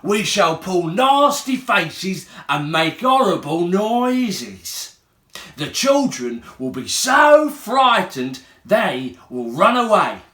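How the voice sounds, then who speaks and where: Storybook role: a slow, growly, boastful monster mug boss, played by a man, roomy echo. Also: high voice, very animated, sharp tone, heavily acted. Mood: scheming. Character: scheming, boastful male monster mug leader.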